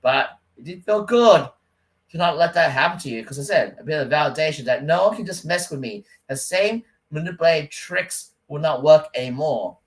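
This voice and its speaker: A man's voice: fairly high pitch, animated, moderate pace, low-quality recording. A man ranting to camera in a rambling, stop-start, aggrieved way. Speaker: vlogger. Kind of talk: casual rant to camera.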